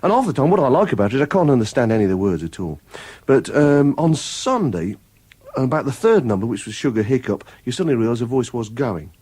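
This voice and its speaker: A man's voice: mid-range voice, sing-song, quick pace, darkish tone, husky. A man chatting casually on a radio show as a regular contributor, rambling through anecdotes and mimicking voices for comic effect.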